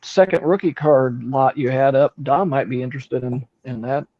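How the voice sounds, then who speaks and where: A man's voice: mid-range voice, moderate pace, dry recording, highs cut off. A man chatting casually on a stream call, curious and full of questions, swearing lightly now and then. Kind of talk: casual chat.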